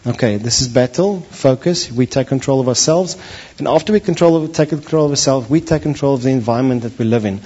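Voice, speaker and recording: Husky-voiced man preaching a sermon. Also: medium pitch, fast. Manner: animated, acts out voices of biblical figures. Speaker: pastor. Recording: dull lo-fi recording.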